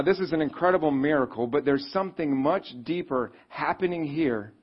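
A man preaching a sermon in a conversational, animated way, reading scripture and acting out quotes. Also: medium pitch, breathy edge. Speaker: pastor. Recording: slightly dull, lo-fi sound.

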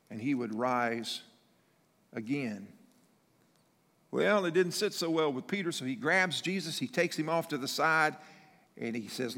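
A man preaching a sermon, animated, acting out the people in the story as he goes. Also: mid-range voice, big-room sound. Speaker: pastor.

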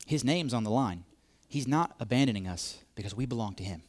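Emphatic male preacher, rising and hushed. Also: medium pitch, lively intonation, brisk. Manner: emphatic, repeats key phrases, rises and drops to a near whisper. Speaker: pastor. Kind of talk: sermon.

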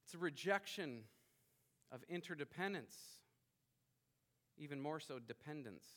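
A man in his thirties preaching a sermon as pastor, emphatic, rising to loud bursts and dropping quiet. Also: fairly high pitch, animated, measured pace.

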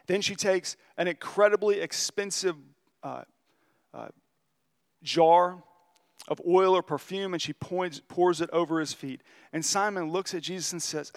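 Earnest man preaching a conversational sermon. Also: sits high. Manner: earnest, confessional storytelling, slows for emphasis. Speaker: pastor.

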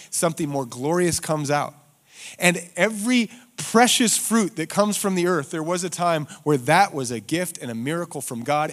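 With a fairly high-pitched voice, this male pastor preaches in church, alternating booming rhetorical questions with quiet, deliberate moments of emphasis.

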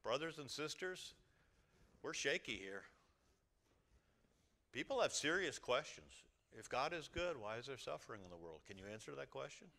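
A man preaching a sermon to his congregation as their pastor, swinging from quiet asides to loud exhortation. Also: medium pitch, big pitch swings, normal speed, creaky, long pauses. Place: church sanctuary before a congregation.

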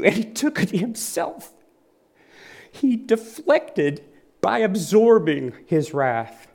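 A man's voice: high voice, darkish tone. A man preaching a sermon in an earnest, vivid manner, often repeating phrases for weight.

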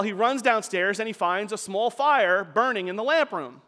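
A man's voice: high-pitched, normal speed, hardly any pauses, a bit bright, in a large hall. A man preaching a sermon, telling a story in a conversational way with casual asides to the congregation.

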